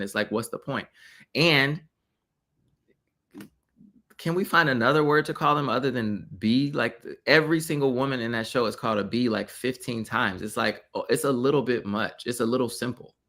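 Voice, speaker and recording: A man's voice: mid-range voice, fairly bright tone. A man co-hosting a casual review chat, making his points with emphatic repetition. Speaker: podcast co-host.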